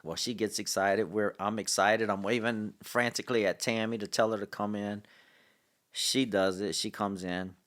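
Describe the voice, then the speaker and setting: A middle-aged man, a podcast guest telling a story in casual conversation, halting with fillers and restarts. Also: on the low side. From Louisiana, USA. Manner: halting, many restarts and fillers, grows excited. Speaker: podcast guest, city public relations director.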